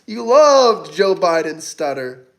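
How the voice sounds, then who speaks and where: A man's voice: high voice, sing-song, takes it slowly, creaky, a bit bright. A young man hosting a casual livestream, reading chat aloud and answering in a mocking, taunting way with frequent swearing.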